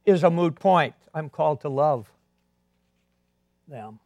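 A man preaching a sermon as a pastor, earnest, swinging between emphatic and quiet delivery. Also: a little high, animated, slow, dry recording.

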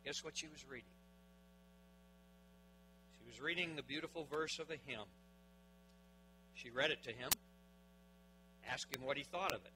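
A man preaching a sermon, dramatic, with big swings in loudness, asking his listeners questions. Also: on the high side, normal speed, long pauses, a little hiss or hum, low-quality recording.

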